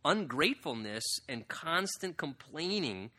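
A man's voice: a little high, a little slow. A man preaching an expository sermon in a conversational way, often asking the audience questions and rising sharply for emphasis. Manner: animated, rises sharply for emphasis. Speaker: pastor.

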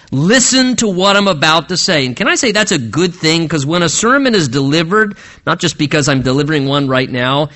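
A male pastor preaching a sermon, explaining scripture verse by verse and slowing down earnestly to stress key phrases. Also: fairly high pitch, pushed and bright.

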